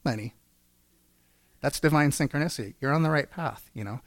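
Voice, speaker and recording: A man's voice: a little high, brisk, no echo. A man giving an earnest personal testimony in a church, telling his story and acting out quotes. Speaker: church speaker.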